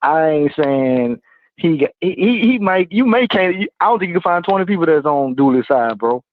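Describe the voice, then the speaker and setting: A man's voice: fairly high pitch, lively intonation, normal speed. A man calling in to a sports show, talking bluntly and casually with lots of slang. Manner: blunt, slangy, laid-back. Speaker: caller. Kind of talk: casual phone call-in. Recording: dull phone-line audio.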